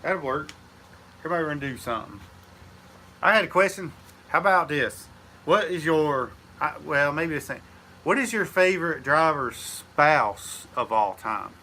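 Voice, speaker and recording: A man's voice: fairly high pitch, lively intonation, measured pace, sharp tone, poor audio. A man hosting a casual live chat, laid-back and chuckling, with a slight cold. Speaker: host.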